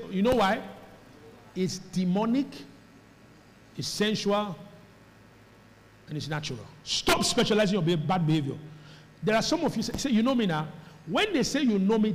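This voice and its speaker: A Nigerian man preaches in a high, bright voice that carries through a long-reverberating church hall. He calls out to the congregation and pushes his voice up to emphatic shouts. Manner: preaching with call and response, rising to shouts, mimicking Pidgin speech. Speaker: pastor. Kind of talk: sermon.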